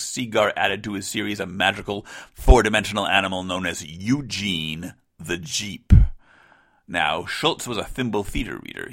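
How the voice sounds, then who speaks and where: A man's voice: deep voice, creaky, pushed and bright. A man hosting a podcast, narrating a script in a playful, mock-dramatic way with theatrical whispered asides. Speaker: podcast host.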